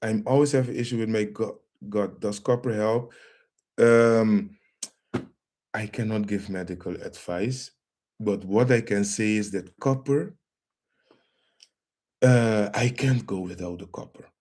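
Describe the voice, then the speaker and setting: A man hosting a live stream, talking calmly and repeating himself as he addresses viewers as family. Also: fairly low pitch, unhurried, long pauses. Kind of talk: casual live stream demonstration.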